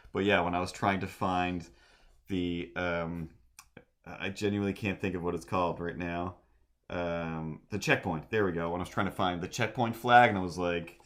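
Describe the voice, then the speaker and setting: A man's voice: low-pitched, a bit bright. A man chatting casually on a drawing livestream, rambling and poking fun at himself with lots of fillers. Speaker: streamer and artist.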